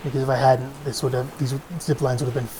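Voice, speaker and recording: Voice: medium pitch, level tone, fast talker, noisy background. A game streamer giving loose, rambling commentary with lots of swearing and self-mockery. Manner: rambling, profane and self-mocking. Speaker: let's play streamer. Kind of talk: casual gameplay commentary.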